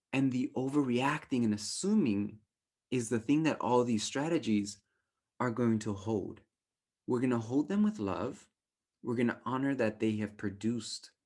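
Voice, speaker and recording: Animated man teaching, "right?" after every point. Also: on the low side. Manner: animated, acts out quotes with playful voices, says "right?" often. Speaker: relationship workshop teacher. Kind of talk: casual teaching talk.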